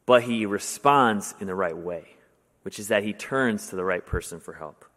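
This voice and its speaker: A young adult man preaching a sermon in a casual, conversational way, with many fillers, getting animated when he tells stories. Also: fairly low pitch, moderate pace. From Wisconsin, US. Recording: long hall reverb.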